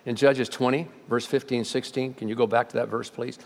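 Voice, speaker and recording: A man preaching a sermon, retelling scripture in an animated way and acting out the voices. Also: mid-range voice, fairly quick, few pauses. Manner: animated storytelling, acts out voices. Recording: long hall reverb.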